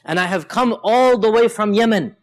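Man, high-pitched voice, animated sermon storytelling, drawn-out emphasis, quick arabic quotes. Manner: many fillers and restarts, animated storytelling. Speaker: preacher. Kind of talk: Ramadan sermon retelling hadith.

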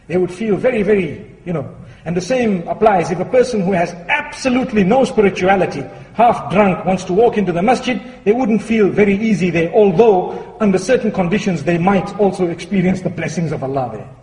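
A man's voice: sits high, brisk, darkish tone. Man giving a talk in an echoey hall. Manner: storytelling, acts out voices with humor. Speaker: Islamic speaker. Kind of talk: sermon with anecdote.

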